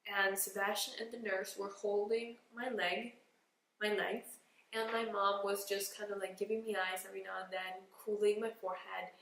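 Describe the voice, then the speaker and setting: A woman's voice: medium pitch, level tone, moderate pace, creaky, a bit bright. A young woman vlogger sniffling as she tells a candid, emotional personal story to camera, slipping into whispered asides, recorded at home on a camera mic. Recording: roomy echo with faint background noise.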